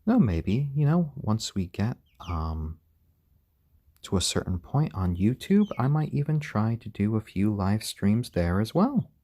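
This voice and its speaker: A man hosting a casual live stream at home, gently chatting to viewers and talking softly and fondly to his baby chickens. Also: on the low side, big pitch swings, unhurried.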